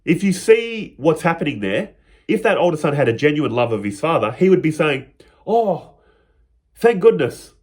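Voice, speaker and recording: A man's voice: a little high, expressive, a little fast, breathy edge. A man teaching on spirituality in a reflective, spoken style, retelling a parable and slipping into the characters' quoted lines.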